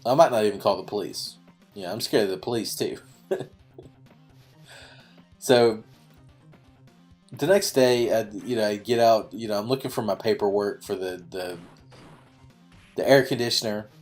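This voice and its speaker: A man's voice: lowish voice, normal speed, pauses often, darkish tone, soft background music. A man hosting a gaming channel, telling a rambling, self-mocking story packed with fillers. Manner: chatty, self-mocking, full of "you know" fillers. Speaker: YouTube gaming channel host. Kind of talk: rambling casual storytelling over gameplay.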